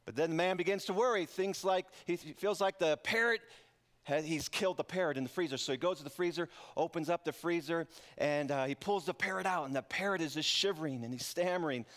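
A male pastor giving a sermon in a relaxed, conversational way, mixing scripture reading with light jokes. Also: fairly high pitch, a little fast. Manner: joking, conversational preaching. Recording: podcast intro over loud guitar music.

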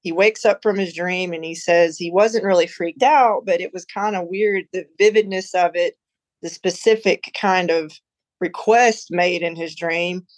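A woman's voice: fairly low pitch, measured pace, dry recording, rough recording. A woman on a podcast as a guest, telling a personal story in a chatty, rambling way with lots of "you know" and "like". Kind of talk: casual storytelling.

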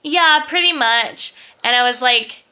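A young woman co-hosting a podcast, telling a story in a sassy, profane, animated way. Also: a little high, unhurried, clear, resonant tone. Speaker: podcast co-host. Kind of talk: casual storytelling chat.

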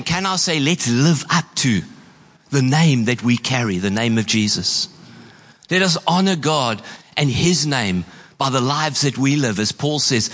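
A man preaching a sermon as pastor, leaning on slow emphatic words and acting out quoted lines. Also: medium pitch, a bit bright, in a large hall. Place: church hall.

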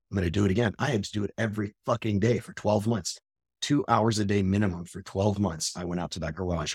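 A man's voice: on the low side, slightly rough, no echo. Intense, profane man in a dry room. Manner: rises to loud ranting. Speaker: podcast host. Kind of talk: motivational monologue.

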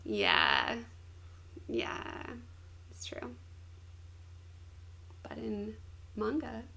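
A woman's voice: medium pitch, extremely slow, gravelly. A young woman co-hosting a casual podcast, giggling often as she retells a manga plot. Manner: giggly, animated storyteller. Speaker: podcast co-host.

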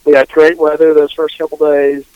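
A man co-hosting a podcast, reminiscing in a halting, nostalgic way. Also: fairly high pitch, monotone, smooth, no room sound, muffled recording. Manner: nostalgic, halting, lots of restarts. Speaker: podcast co-host. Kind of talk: casual chat.

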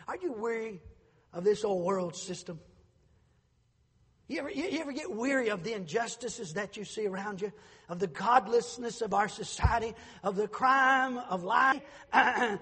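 A high, husky male voice belongs to a middle-aged pastor preaching a sermon. His delivery swings between quiet anecdotes and shouted, fervent preaching. The voice rings through a long church reverb. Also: normal speed, long pauses. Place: church sanctuary.

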